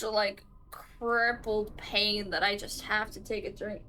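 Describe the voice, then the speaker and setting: A woman streamer with a Southern US accent, chatting casually as she answers quiz questions aloud, halting and rambling with many restarts and trailing asides. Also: mid-range voice, level tone, pushed and bright, a little hiss or hum, rough recording.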